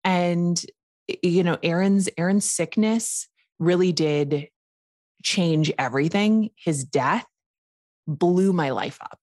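A woman's voice: lowish voice, slow pace, a little mellow, no echo, studio quality. A woman in her thirties from Minnesota with a Minnesotan accent, candidly telling her story as a podcast guest with wry, self-deprecating humor over a call. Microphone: remote call.

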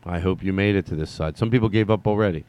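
A man's voice: sits low, fast, a little mellow, clean tone. A man rambling through a casual solo monologue to his viewers, digressive, with casual swearing and lots of fillers. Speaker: vlogger.

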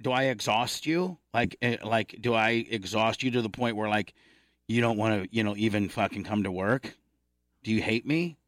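A man's voice: lowish voice, moderate pace, fairly bright tone, no room sound, clean studio sound. A man in his fifties co-hosting a podcast, talking in casual chat, blunt, profane and self-deprecating. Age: 50s. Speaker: podcast co-host.

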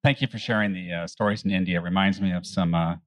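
A man's voice: low-pitched, steady tone, fast, a little hiss or hum. A man in the audience asking a question on a handheld mic, hesitant and full of fillers. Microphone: handheld microphone.

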